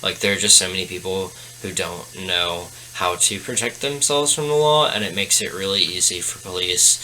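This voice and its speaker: A man's voice: deep voice, normal speed, sharp tone, rough recording. A young man as a podcast guest, chatting hesitantly with many fillers. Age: young adult. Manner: hesitant, lots of fillers and restarts. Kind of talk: casual chat. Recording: faint background noise.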